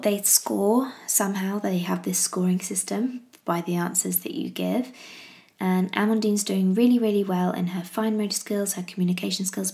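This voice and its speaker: A woman's voice: medium pitch, vocal fry, a little mellow. An English woman in her thirties, chatting casually about her baby and rambling with fillers and restarts. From England. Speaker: parenting podcaster. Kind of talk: casual chat.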